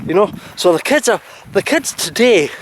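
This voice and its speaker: A man's voice: high-pitched, very animated, normal speed. A Scottish man chatting casually on a holiday vlog, rambling through his story of the day. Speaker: vlog host. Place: outdoors by a boat.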